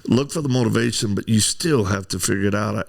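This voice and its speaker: A man's voice: fairly low pitch, quick pace, vocal fry. A man hosting a casual conversation who rambles and gives encouraging advice, with a lot of fillers. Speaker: host. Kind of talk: casual chat.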